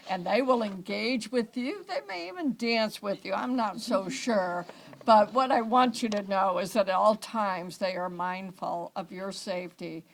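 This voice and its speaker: A woman's voice: mid-range voice, low-quality recording. A woman police chief speaking at a press conference in a conversational, reassuring way. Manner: conversational, reassuring, some fillers and restarts. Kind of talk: press briefing remarks.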